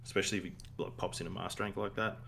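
Deep-voiced Australian man, excitable gamer chat. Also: rapid-fire, creaky, slight background noise. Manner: excitable, laid-back slang. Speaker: podcast co-host. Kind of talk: casual gaming chat.

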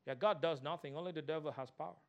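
A man preaching a sermon as pastor, animated, mimicking people and singing snatches of a hymn. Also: on the high side, fast, muffled recording. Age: adult.

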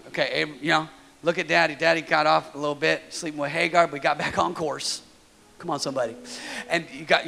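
High, gravelly-voiced man preaching. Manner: energetic, storytelling, repeats words. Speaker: pastor. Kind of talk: sermon. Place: church.

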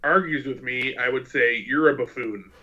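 A man co-hosting a casual podcast, talking in a playful, boastful way. His voice is bright and forward. The recording sounds a little dull and lo-fi. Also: medium pitch, moderate pace. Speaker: podcast co-host.

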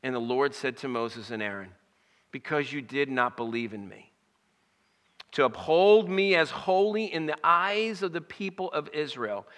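A man's voice: mid-range voice, bright, forceful tone, long reverb tail. A man preaching a sermon, reading scripture and acting out its lines with rising emphasis. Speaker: pastor.

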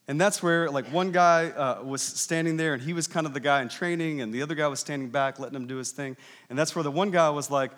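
A man's voice: mid-range voice, fast talker, fairly bright tone. A man preaching as a pastor, telling a story in a conversational way and building to emphatic passages. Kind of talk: sermon. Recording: long hall reverb.

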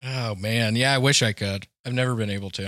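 A man from Tennessee chatting casually on a podcast, making goofy deadpan jokes and laughing easily. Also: medium pitch, a little fast, no room sound, studio quality. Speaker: comedian guest.

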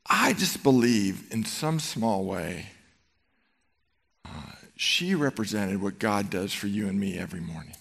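A man's voice: lowish voice, unhurried, creaky, slightly rough. A man in his fifties preaching a sermon to a congregation, telling stories and acting out the scenes in them. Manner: animated storytelling, acts out scenes. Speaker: pastor. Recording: long hall reverb.

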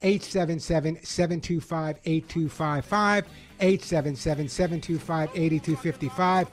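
A man's voice: on the high side, steady tone, normal speed. A middle-aged man hosting a call-in pet radio show, chatty and enthusiastic with a joking manner.

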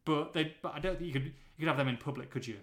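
A man's voice: fairly high pitch, very fast, a bit bright. A man co-hosting a casual football podcast, reading out listener questions with chatty, bantering asides.

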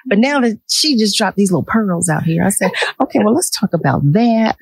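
A woman host on a radio talk show, her voice dry and close to the mic. She talks in an animated, emotional way and laughs often. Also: medium pitch, fairly quick, vocal fry, husky, dry recording.

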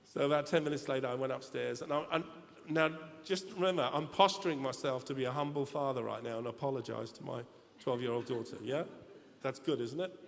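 A man's voice: mid-range voice, vocal fry. A middle-aged man preaching a humorous storytelling sermon, joking and talking directly to the congregation in a large church. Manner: chatty, joking, addresses the congregation. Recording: reverberant hall, faint room ambience.

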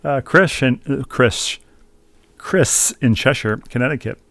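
A man's voice: mid-range voice, unhurried, fairly bright tone, no room sound. A middle-aged man co-hosting a sports podcast, wryly reading listener mail with a meandering, filler-heavy delivery. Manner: wry, meandering, with many fillers. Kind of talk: casual sports chat.

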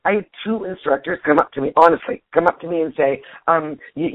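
Husky woman on a phone line. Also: deep voice, fairly quick, hardly any pauses, dry recording. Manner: animated, restarts sentences. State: nearly losing her voice. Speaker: stand-up comedian guest. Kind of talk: casual interview chat. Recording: tinny dry phone line.

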